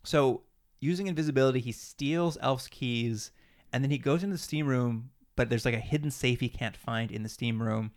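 A man in easygoing podcast chat, recounting TV scenes with lively play-acting. He drops into voices for the characters as he goes. His pitch sits in an ordinary middle range. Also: normal speed. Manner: animated retelling, acts out characters' lines. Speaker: podcast co-host. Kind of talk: casual chat.

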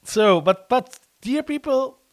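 A man hosting a casual podcast interview, talking in halting phrases full of restarts and fillers. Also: very high-pitched, expressive, no room sound. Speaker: podcast host.

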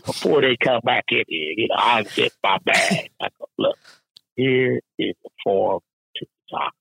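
A man telling a rowdy work story in casual chat, profane, animated and laughing often. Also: mid-range voice, normal speed, vocal fry, slightly rough, poor audio.

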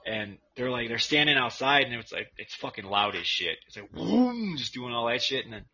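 A man's voice: medium pitch, big pitch swings, moderate pace, sharp tone, breathy edge. A man co-hosting a casual podcast, telling rambling, profane stories from his school days and laughing often. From Massachusetts. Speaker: podcast co-host. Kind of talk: casual chat. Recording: dull lo-fi with faint noise.

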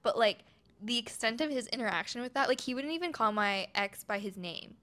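A woman's voice: a little high, a little fast. A woman in her twenties from Oregon, telling a personal story frankly and animatedly as a podcast guest. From Oregon, USA. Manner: frank, animated, drops into quoted voices.

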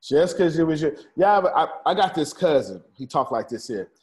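A man's voice: on the high side, big pitch swings, normal speed, a little mellow. A man leading a live group lesson, repeating his points and calling on listeners by name. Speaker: teacher of a study group. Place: room with a small live audience.

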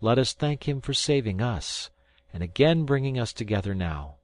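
A man reading aloud who voices a calm, practical, devout mother in a gentle way. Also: medium pitch, moderate pace, no room sound, close to an everyday voice. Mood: soothing.

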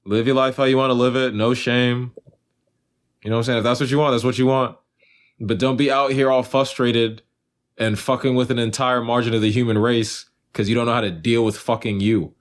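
A man co-hosting a podcast in casual chat, animated, profane and teasing. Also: mid-range voice, fairly quick. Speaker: podcast co-host.

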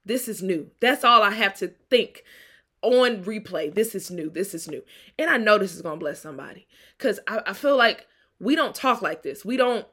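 A woman's voice: mid-range voice, animated, normal speed, pushed and bright. Candid woman in her thirties. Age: 30s. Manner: candid, preachy, laughs often. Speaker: podcast host and singles coach. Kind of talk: reflective solo monologue.

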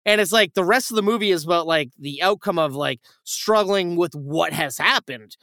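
Young man, podcast host, bright voice, casual profane rambling, dry close mic. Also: high voice, normal speed, no room sound. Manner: rambling, profane, animated retelling with acted quotes. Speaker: podcast host reviewing films. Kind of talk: casual chat.

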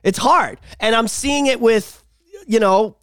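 A man's voice: very high-pitched, slow pace, fairly bright tone, dry recording, studio quality. A man hosting a podcast, ranting in a heated, profane way in casual chat. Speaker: podcast host.

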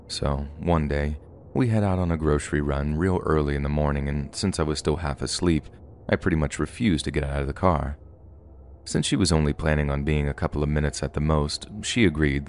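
Very deep-voiced man telling a story. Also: slight background noise. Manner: casual, conversational storytelling. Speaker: narrator. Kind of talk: first-person horror story narration.

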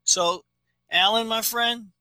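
A man's voice: high-pitched, steady tone, takes it slowly, pushed and bright, clean tone, no echo, poor audio. A man hosting a casual show, agreeing with his co-host and signing off for the night. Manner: affirming, wraps up the show.

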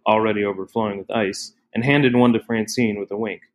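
A lowish-voiced man gives scripted audiobook narration of a novel. His storytelling stays even and measured.

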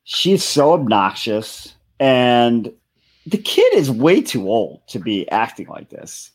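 A man's voice: medium pitch, wildly swooping pitch, takes it slowly, husky. A man co-hosting a crude comedic podcast chat, with dry, sarcastic remarks.

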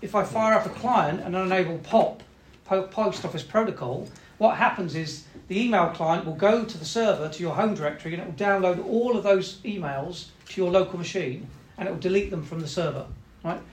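A man's voice: sits high, brisk, echoey room. A man teaching a classroom lesson, explaining step by step, often checking in with "right?" and acting out what machines say. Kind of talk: classroom lecture.

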